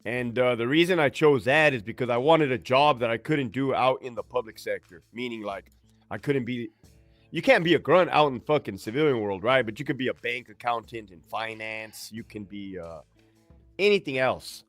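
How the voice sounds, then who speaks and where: A man's voice: medium pitch, moderate pace, no echo, soft background music. A man in his forties from California, telling his story as a guest in a casual, slangy, profane way. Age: 40s. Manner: laid-back, slangy, profane. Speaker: guest, army veteran.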